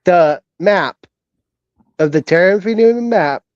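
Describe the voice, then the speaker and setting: A man co-hosting a casual online chat show, talking in a hesitant, halting way with many fillers and restarts. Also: high-pitched, animated, a little mellow, no echo, highs cut off. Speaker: co-host.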